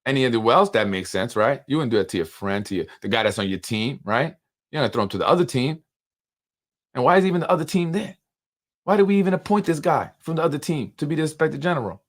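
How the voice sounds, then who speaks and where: A man talks through local politics in loose, unscripted commentary. He presses his points hard, repeats himself and keeps asking rhetorical questions. His pitch sits in an ordinary middle range. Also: lively intonation, fast talker.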